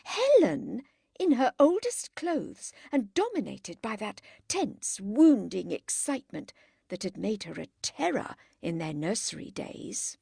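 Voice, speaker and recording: A woman reading a classic novel aloud as an audiobook, in measured, expressive scripted narration. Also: medium pitch, vocal fry, breathy edge, dry recording, studio quality.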